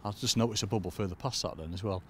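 Husky and a bit bright, a man's low-side voice rattles along very fast as he gives a casual fishing tutorial. The British angling coach is outdoors at a cold lakeside, chatting away and calling listeners "folks."

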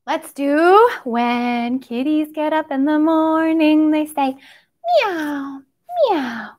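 A woman's voice: high-pitched, steady tone, takes it slowly, a little mellow. A young woman leading a toddler story time, playful and sing-song, with animal noises and sound effects.

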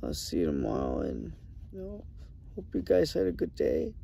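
A man recording a soft, halting late-night video diary while grieving and worn out. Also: on the low side, huge pitch swings, creaky, a little hiss or hum. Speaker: vlogger. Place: small private sleeping area, indoors.

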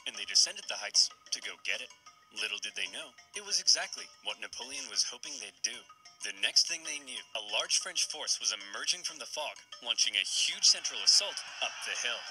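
Male comedic history narrator, bright and animated, dramatic punchlines. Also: mid-range voice, poor audio. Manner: punchy, dramatic comic timing.

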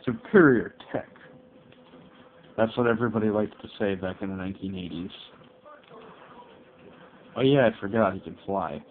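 A man commenting on his own gameplay, grumbling about opponents and shouting out attack names. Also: lowish voice, normal speed, long pauses. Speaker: let's play gamer. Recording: tinny lo-fi mic with faint hiss.

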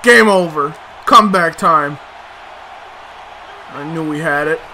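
A man's voice: on the high side, slow, bright, forceful tone, a little hiss or hum. A man commenting on his own gameplay, muttering to himself, swearing in frustration and breaking into sudden outbursts. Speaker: let's play host.

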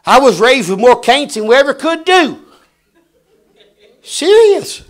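A middle-aged man preaching a sermon, telling stories and swinging from hushed lines to shouts. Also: very high-pitched, animated, a little fast.

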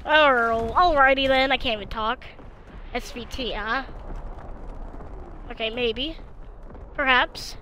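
A young woman hosting a gaming channel, giving excitable live gameplay commentary into a headset, swearing and laughing often. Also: fairly high pitch, slow pace, pauses often, a little hiss or hum.

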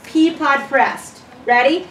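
A woman's voice: high-pitched, takes it slowly, fairly bright tone, slight background noise. A woman teaching first grade, leading a shared reading with encouragement and chanted rhythm in a classroom. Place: classroom with children. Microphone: far camera mic. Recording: echoey classroom from far off.

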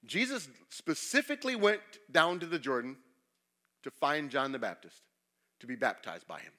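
A man preaching a sermon as pastor, asking the congregation questions and swinging between loud emphasis and quiet, confessional passages. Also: a little high, sing-song, moderate pace. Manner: asks the congregation rhetorical questions.

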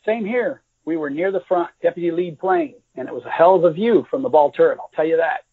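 A man's voice: on the high side, lively intonation, brisk, slightly rough, phone-quality sound. A man reading as a wry young bomber gunner. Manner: wry, joking. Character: young adult male ball-turret gunner, wry soldier.

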